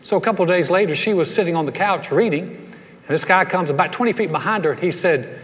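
Higher-voiced pastor in a hall. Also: male voice, lively intonation, quick pace. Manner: folksy storytelling with frequent repeated words. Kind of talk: sermon. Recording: reverberant church hall.

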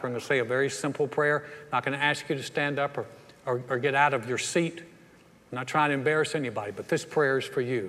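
A man preaching a sermon as pastor, telling a story in an animated way and acting out the voices, then leading a quiet altar call. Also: mid-range voice, brisk. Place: church sanctuary. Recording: hall reverb.

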